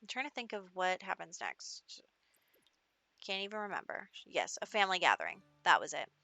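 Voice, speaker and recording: A young woman narrates her life-sim game in a chatty, upbeat way, full of casual fillers. Her voice is bright and forward. The sound is dry, with no room echo. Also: fairly low pitch, big pitch swings, moderate pace. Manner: chatty and upbeat, with frequent fillers like "like" and "you know". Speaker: gaming channel host.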